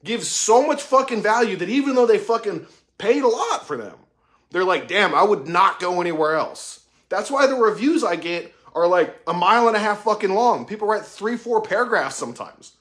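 A man giving a casual monologue about mentorship, profane and excitable, full of slang, acting out conversations he quotes. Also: high-pitched, moderate pace. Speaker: tattoo artist talking about mentorship.

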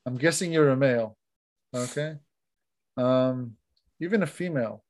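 A man's voice: mid-range voice, a little slow, a little mellow. A man co-hosting a casual podcast, giving advice in a chatty way, restarting sentences and dropping to a mumble at the ends of phrases. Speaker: co-host.

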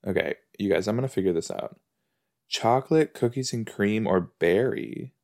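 This man's fairly low, creaky voice is expressive and a touch mellow, moving at normal speed. He's indoors on a couch chatting about a TV episode as he watches, rambling, getting sidetracked and frequently exclaiming.

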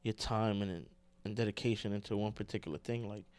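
A man co-hosting a casual podcast, talking in an animated, slangy way and saying "bro" a lot. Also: fairly low pitch, brisk, clear, resonant tone, no echo. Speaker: podcast co-host.

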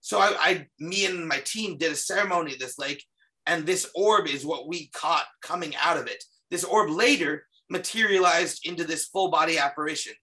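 A paranormal investigator guest with a bright, fairly high voice presents ghost footage at a moderate pace on a casual podcast. He's earnest, restarts often as he walks through the clips, and is slightly losing his voice.

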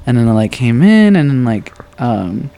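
A man's voice: medium pitch, normal speed, slight background noise. A young man, a podcast guest, telling stories in casual chat and acting out the voices of people in them. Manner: animated, acts out quoted voices, swears casually.

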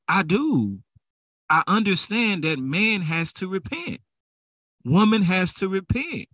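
A man's voice: high-pitched, sing-song, takes it slowly, a bit bright, dry recording. A man preaching a sermon in a casual, conversational way that builds into fervent exhortation.

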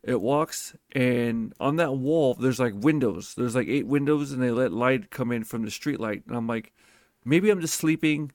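A man's voice: mid-range voice, normal speed, few pauses, no echo, clean studio sound. A man host telling a personal story in a casual monologue, swearing often and speaking with emphasis. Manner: profane, emphatic and animated.

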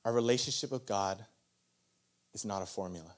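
A man's voice: on the low side, a little fast. A young adult man preaching a sermon to a live church audience, telling a personal story candidly and laughing often. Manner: candid, storytelling, self-deprecating with frequent laughs.

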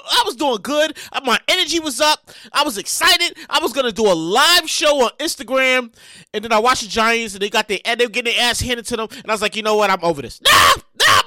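A New York woman hosts a casual solo podcast, loud and animated, swearing and shouting as she vents. Her voice is high and very bright, and it swings widely in pitch. She is recorded dry on a close mic. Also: no echo. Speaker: podcast host.

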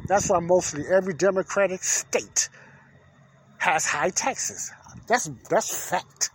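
High-voiced man, preachy podcast talk. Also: slow pace, a bit bright. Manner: folksy, preachy, clears throat often. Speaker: podcast host. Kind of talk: casual political commentary. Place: outdoors in the dark.

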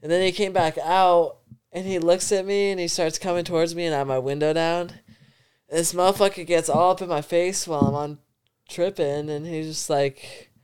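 A man's voice: a little high, fairly even intonation, moderate pace, a little mellow, clear, resonant tone. A young man in his twenties, a podcast guest telling a rambling story full of swearing and laughter. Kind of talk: casual storytelling.

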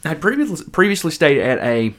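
A man's voice: a little high, big pitch swings, a little fast, fairly bright tone. A young man hosting a podcast, chatting casually and teasing his co-host. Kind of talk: casual chat.

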